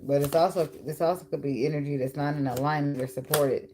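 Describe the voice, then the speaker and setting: Low-voiced, blunt and profane woman tarot reader. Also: steady tone, fast, warm tone. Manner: blunt, profane and teasing, with frequent laughs. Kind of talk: casual tarot reading.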